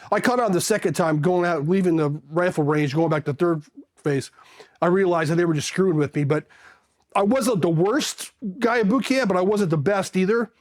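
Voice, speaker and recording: A middle-aged Marine Corps veteran from California, casually telling stories and animatedly acting out the voices of the people in them. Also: male voice, high voice. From South Pasadena, California. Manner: animated, acts out voices in his anecdotes and laughs often. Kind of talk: casual storytelling.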